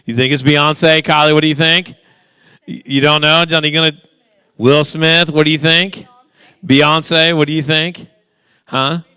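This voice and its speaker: A man's voice: a little high, steady tone, bright, forceful tone, clear, resonant tone, dry recording, studio quality. A man hosting a guessing game for a church youth group, playful and teasing with the teens. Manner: playful, teasing, quick back-and-forth with the group.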